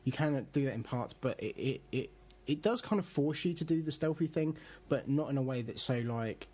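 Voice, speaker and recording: A man's voice: mid-range voice, animated, normal speed, darkish tone. Rambling man, podcast co-host. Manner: rambling, many fillers and restarts. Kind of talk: casual podcast chat.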